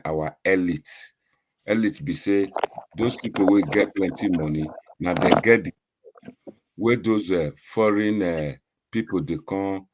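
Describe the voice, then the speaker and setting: A Nigerian man with a Nigerian accent who slips into Pidgin, hosting a discussion and summing up his guests, hesitant with frequent fillers. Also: sits low. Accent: Nigerian, mixing in Pidgin. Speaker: host.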